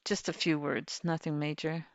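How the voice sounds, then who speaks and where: A woman streams a farming game and chats cheerfully as she plays, rambling and laughing easily. Her voice is low with a level tone and a normal speed. There is no echo.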